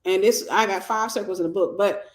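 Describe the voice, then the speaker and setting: A woman's voice: medium pitch, brisk, background noise. A woman hosting a faith-based livestream, teaching conversationally, quoting scripture and thinking aloud as she explains. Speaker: ministry host and mentor. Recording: roomy echo.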